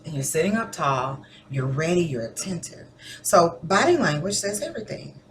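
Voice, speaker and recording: Woman teacher, low-pitched, conversational, acts out tones, slight background hum. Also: normal speed. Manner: conversational, animated demonstrations of tone. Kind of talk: recorded lesson to students.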